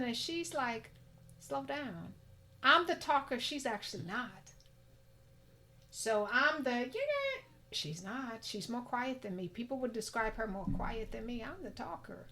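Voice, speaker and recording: A middle-aged woman guest in a casual interview, talkative and reflective, breaking into laughter. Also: moderate pace. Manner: talkative, reflective, laughs and pitch jumps when excited.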